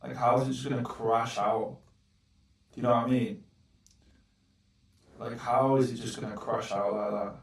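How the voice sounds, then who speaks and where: A man's voice: mid-range voice, little pitch movement, moderate pace, gravelly, long pauses, recorded from a distance. A young man giving live trading commentary, swearing often and growing frustrated. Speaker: trading vlogger. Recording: roomy, off-mic echo.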